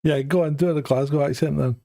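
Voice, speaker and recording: A man's voice: on the high side, steady tone, brisk, creaky, mellow, dry recording. A man hosting a podcast in casual chat, teasing his guest and laughing often. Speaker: podcast host.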